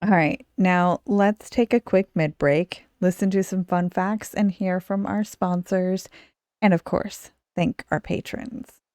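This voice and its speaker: A woman's voice: lowish voice, fairly even intonation, takes it slowly, a little mellow, dry recording, studio quality. A woman hosting a casual podcast, chatty and laughing often. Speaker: podcast host.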